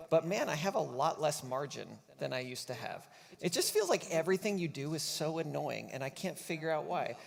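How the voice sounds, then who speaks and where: A man's voice: on the high side, vocal fry. A man speaking at a church conference in an easygoing, conversational way. He often acts out quoted inner dialogue. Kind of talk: conversational stage talk. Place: church auditorium. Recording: long reverb of a large hall.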